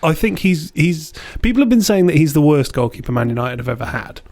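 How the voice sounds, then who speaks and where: A man's voice: on the high side, big pitch swings, a little fast, darkish tone. A young man co-hosting a podcast, giving blunt, dry opinions in casual chat. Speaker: podcast co-host.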